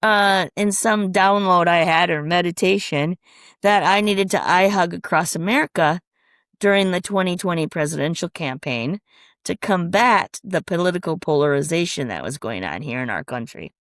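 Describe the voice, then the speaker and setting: A woman from Minnesota, a transformation coach, telling lively stories in an interview and acting out what people said. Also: lowish voice, normal speed, no echo, studio quality. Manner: animated storyteller acting out quoted voices. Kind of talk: storytelling interview answers.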